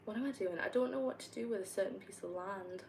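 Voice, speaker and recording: A woman's voice: mid-range voice, fast talker, creaky, darkish tone, slight background noise, poor audio. A young woman from North East England with a Northumbrian accent, chatting casually and rambling while she plays a game and answers viewer questions. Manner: chatty, rambling, laughs often. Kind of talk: casual chat while gaming.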